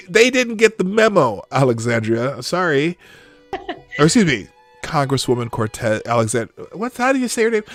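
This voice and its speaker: A man's voice: high-pitched, fairly bright tone, dry recording. Sarcastic man hosting a live stream. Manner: sarcastic, mocking, laughs often. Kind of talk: reacting to a clip on a live stream.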